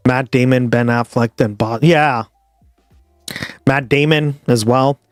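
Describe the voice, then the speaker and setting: A man's voice: mid-range voice, fairly even intonation, slow, no echo, clean studio sound, faint music behind. A man from the Boston area with a Boston accent, chatting casually and profanely to viewers on a live stream. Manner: rambling, profane, addresses viewers directly. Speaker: livestream host.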